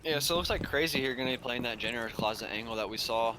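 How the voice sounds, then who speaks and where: Fast-talking male esports caster. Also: medium pitch, background noise. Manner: quick, eager, casual calls. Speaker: esports commentator. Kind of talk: play-by-play game commentary.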